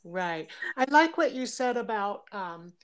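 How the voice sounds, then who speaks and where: A middle-aged woman hosting a podcast interview in casual chat, soft-spoken and quick to laugh. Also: medium pitch, animated. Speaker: podcast host.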